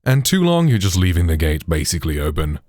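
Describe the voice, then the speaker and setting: A British man hosts a tech tutorial, explaining things chattily with lots of "like", "you know" and "right". His low, darkish voice is very animated and fast, heard through a processed studio microphone with no room sound.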